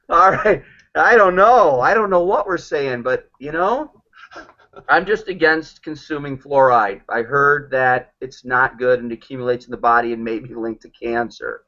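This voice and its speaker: A man's voice: medium pitch, normal speed, bright, forceful tone. A man hosting a group call, telling joking stories and acting out what others said. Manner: joking storyteller acting out quotes. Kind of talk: casual chat on a group call. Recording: dull lo-fi call audio.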